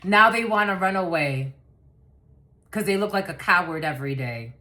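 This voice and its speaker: A woman's voice: fairly low pitch, lively intonation, normal speed, bright, forceful tone. A woman giving a collective tarot reading to camera, blunt and rambling, swearing freely and laughing often. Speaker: tarot card reader.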